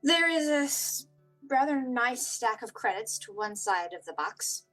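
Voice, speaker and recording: A woman narrating a tabletop role-playing session as game master, describing scenes with patient, measured phrasing. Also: a little high, lively intonation, a bit bright, faint music behind, poor audio.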